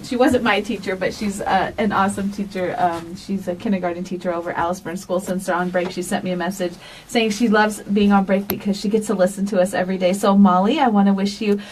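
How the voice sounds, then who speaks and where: A woman's voice: medium pitch, steady tone, a little fast. Woman hosting morning radio, chatty, mic a bit far off, light hiss. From Hispanic background, United States. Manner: chatty, laughs easily. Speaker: radio host. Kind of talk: casual morning show chat.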